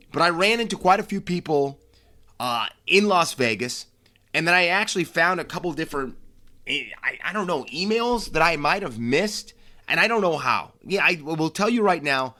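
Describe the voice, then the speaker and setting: A man's voice: mid-range voice, sharp tone. An American man hosting a solo sports podcast, talking casually with brash flair and frequent restarts. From United States. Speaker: podcast host.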